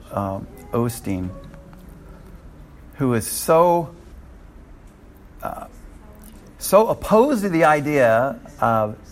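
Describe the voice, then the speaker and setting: A man's voice: medium pitch, vocal fry, a little hiss or hum. An older man teaching a Bible study in a conversational way, often restarting his sentences.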